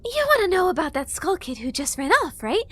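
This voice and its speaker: A woman's voice: extremely high pitch, very animated, fairly quick, pitched above the performer's own voice. A woman voicing a pushy, flustered young female fairy who stammers and talks with sarcasm in an audiobook. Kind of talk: audiobook character voice.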